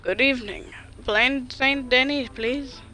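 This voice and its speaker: A woman's voice: high voice, fairly even intonation, slow pace, sharp tone, exaggerated voice. A woman voicing a bitter widowed farmer. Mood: curt. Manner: bitter, self-pitying, faltering. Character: bitter middle-aged widowed male farmer.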